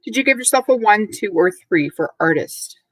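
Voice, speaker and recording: A woman teaching a recorded vocabulary lesson to third graders, speaking clearly and spelling words out letter by letter. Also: mid-range voice, expressive, normal speed, dry recording, poor audio.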